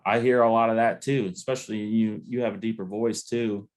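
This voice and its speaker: Low-voiced relaxed podcast host, man. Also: brisk. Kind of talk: casual interview chat.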